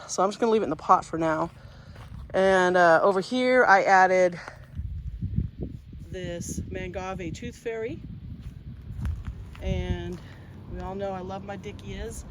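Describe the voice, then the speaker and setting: A man with a high voice talks casually through an outdoor garden walkthrough. He rambles and circles back, often restarting his sentences mid-thought. There is a faint hiss of noise behind him. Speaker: gardening vlogger.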